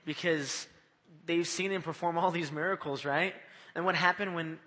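A man preaching a sermon in a lively, conversational way, often checking in with his listeners. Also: fairly high pitch, normal speed. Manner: animated, conversational, often asks "right?". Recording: long hall reverb.

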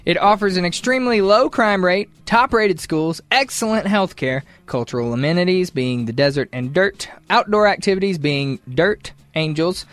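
A woman co-hosting a morning radio show, teasing her partner in quick banter. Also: fairly low pitch, animated, dry recording. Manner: teasing, sassy, talks over her partner.

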